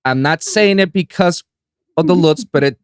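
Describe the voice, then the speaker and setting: A man's voice: a little high, normal speed, clean tone, no room sound, studio quality. A man from Puerto Rico hosting a podcast, telling stories in casual chat, acting out quotes and swearing casually. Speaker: podcast host.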